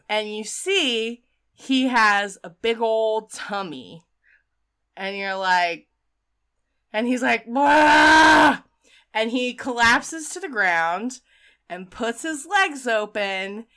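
Bright, clear-voiced woman telling a story. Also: medium pitch. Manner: animated storytelling, laughs often, swears, acts out characters. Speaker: podcast co-host recapping a film. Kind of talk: casual chat.

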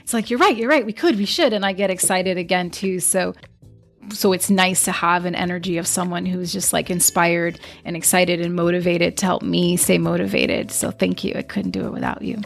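A woman's voice: fairly low pitch, steady tone, moderate pace, vocal fry, faint music behind. A woman hosting her podcast, talking in a chatty, effusive way with lots of filler words. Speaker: podcast host. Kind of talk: casual podcast chat.

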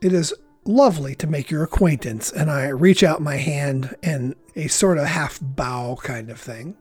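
A man at a tabletop role-play session, talking slowly and hesitantly in a playfully formal way. The recording is dry and close, with faint music underneath. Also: on the high side, darkish tone, slightly rough, no echo. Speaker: player. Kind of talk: playing a tabletop role-playing game.

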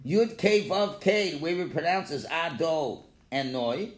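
A man giving a Torah class lecture, animated, calling out his examples loudly. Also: fairly high pitch, a little slow. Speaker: Torah teacher. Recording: echoey room.

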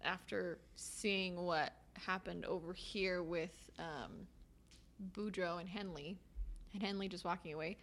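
A woman playing a tabletop game, animated and loud at times, saying "like" a lot as she describes her moves. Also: fairly low pitch, measured pace, slight background noise. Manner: animated, loud bursts, heavy use of "like". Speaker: player. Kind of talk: casual tabletop play.

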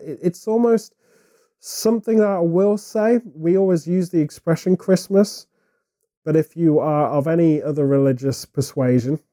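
A man co-hosting a casual podcast, talking in a loose, rambling way full of jokes. His voice is dark and mellow and sits a little high for a man. He says he has a cold. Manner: rambling, jokey, animated asides. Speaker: podcast co-host. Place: living in Japan.

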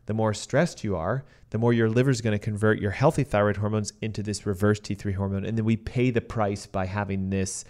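A man co-hosting a health podcast as a doctor, explaining at length in a steady, teaching manner. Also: on the low side, a little fast, hardly any pauses.

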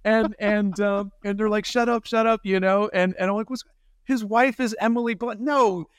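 A man guest in an interview, telling lively anecdotes in casual talk and acting out the people he quotes. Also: sits high, normal speed, clear, resonant tone, no echo, clean studio sound. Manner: animated anecdotes with quoted voices. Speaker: guest, animator and film director.

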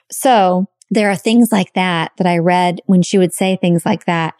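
A woman's voice: on the low side, normal speed, hardly any pauses, darkish tone, dry recording. Candid woman host, dry close sound. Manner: open, emotional, swears casually. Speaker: podcast co-host. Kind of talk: candid personal storytelling.

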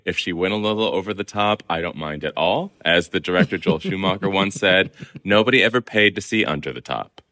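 A man from Southern California talks as a film columnist in an interview, making his points with articulate confidence. His voice sits very low, with a bright, forceful edge. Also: fairly quick. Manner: articulate, opinionated explaining. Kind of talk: conversational interview.

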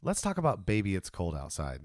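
A man co-hosting a podcast in casual chat, animated and acting out quoted voices. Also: sits low, a little fast, no echo, studio quality. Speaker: podcast co-host.

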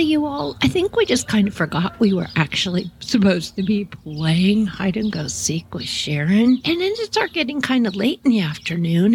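A woman's voice: mid-range voice, low-quality recording. A woman animatedly telling a funny childhood story on her podcast, laughing and talking to listeners directly. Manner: animated, laughing, addresses listeners as "you all". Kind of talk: casual storytelling.

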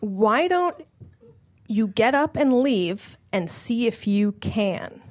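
A woman voicing a creepy middle-aged male TV producer who speaks in a smooth, low, unsettling way. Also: animated, slow pace, darkish tone, slight background noise.

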